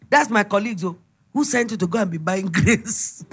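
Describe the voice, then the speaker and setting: A middle-aged woman with a Nigerian accent, giving an emphatic, animated preaching testimony. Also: mid-range voice, normal speed, slightly rough. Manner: storytelling, emphatic, animated retelling.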